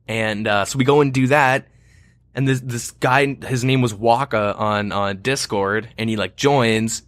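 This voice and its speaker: A man's voice: mid-range voice, steady tone, a little slow, fairly bright tone. A young man co-hosting a podcast, telling a long story in casual chat, rambling with lots of fillers and frequent swearing. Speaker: podcast co-host.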